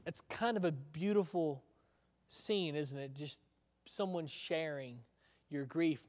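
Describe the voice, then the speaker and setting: A man's voice: on the high side, takes it slowly. A male preacher giving a sermon in a conversational storytelling way, asking the listeners rhetorical questions. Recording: long hall reverb.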